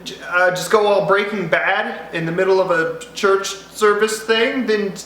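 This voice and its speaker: Man, high and bright, rambling comic vlog storyteller, echoey room. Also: a little slow, a little hiss or hum. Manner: rambling, self-interrupting, jokey. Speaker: vlogger. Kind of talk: comedic storytelling.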